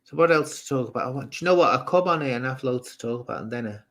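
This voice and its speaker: A man's voice: medium pitch, racing, a bit bright. A man with a Scouse accent mixed with Southern Irish, hosting a casual live stream, rambling and answering comments from viewers.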